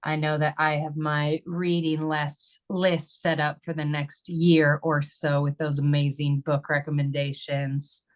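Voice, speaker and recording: A woman with a somewhat low voice hosts an online webinar over a video call. She talks in an upbeat, conversational way as she goes through closing announcements and a donation appeal. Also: flat delivery, a little slow, hardly any pauses. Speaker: webinar host.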